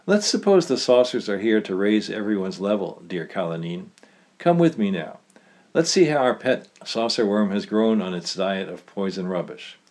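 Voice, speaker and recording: A man reading aloud, voicing a calculating woman artist who speaks soft and coaxing. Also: fairly low pitch, expressive, moderate pace, natural voice.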